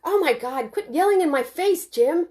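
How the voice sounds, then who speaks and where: A woman voicing a frightened mother in labor who cries out in a high, shrill voice. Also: animated, normal speed, darkish tone. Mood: exasperated. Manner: shrill, panicky.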